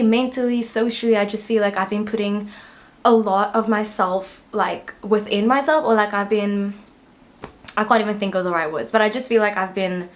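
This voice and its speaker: A young woman hosts her tarot vlog in a bubbly, chatty way. She rambles freely and talks straight to her viewers. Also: medium pitch. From South Africa. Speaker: tarot reader. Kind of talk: casual tarot reading vlog.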